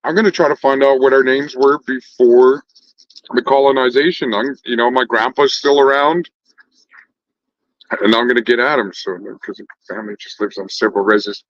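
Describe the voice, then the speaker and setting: A man's voice: medium pitch, normal speed, no room sound. Laid-back slangy man, dull dry sound. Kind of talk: casual conversation.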